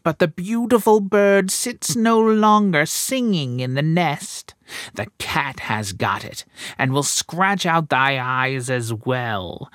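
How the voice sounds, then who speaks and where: A cruel old enchantress, put on by a man in a storybook reading, shrieking in a very high, slow falsetto. Her words stretch out long and spiteful. The sound is close and dry. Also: vocal fry, bright, forceful tone, no room sound, exaggerated voice. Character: wicked old female enchantress, shrill and cruel.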